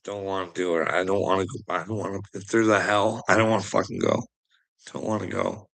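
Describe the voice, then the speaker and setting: A man with a low, fairly bright voice, little pitch movement, and a slightly fast pace rants at his livestream chat. He's sarcastic and mocking, swearing heavily and laughing often.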